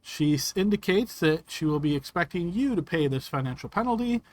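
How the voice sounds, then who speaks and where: A man's voice: a little high, animated, fairly quick, no room sound, lightly acted. A man doing a fussy, officious guild envoy. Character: fussy male guild representative, urgent and officious.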